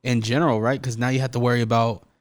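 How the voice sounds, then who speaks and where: A man's voice: medium pitch, flat delivery, racing, dry recording, studio quality. A man hosting a podcast, talking loosely and casually. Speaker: podcast host.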